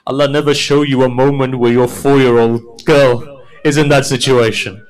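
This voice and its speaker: A man delivering a mourning sermon, narrating stories with quoted dialogue. He moves from quiet storytelling to a high, loud, wailing climax. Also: flat delivery, normal speed, rough recording. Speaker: preacher.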